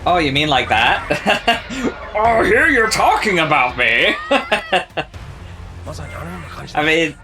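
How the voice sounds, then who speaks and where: A man giving casual reaction commentary to a show, excitable and swearing freely as he talks back at the screen. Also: a little high, slow pace, long pauses. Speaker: reaction video host. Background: show audio and music playing.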